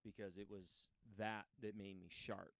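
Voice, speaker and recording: A man's voice: lowish voice, level tone, measured pace, fairly bright tone. A man hosting a casual chat, a laid-back, profane storyteller who acts out the people he quotes, raised in a Mexican household. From Mexican upbringing. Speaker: podcast host.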